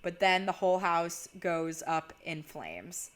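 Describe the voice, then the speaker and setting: A woman's voice: lowish voice, big pitch swings, slow, clean tone. A young woman casually retelling a horror movie's plot, chatty and full of "like". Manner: chatty, heavy use of "like". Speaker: video creator.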